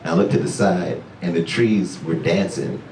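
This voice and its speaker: A male stand-up comedian telling a story to a club audience, with animated delivery that jumps into high, excited voices. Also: moderate pace, heavy background noise. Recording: echoey club sound from far off.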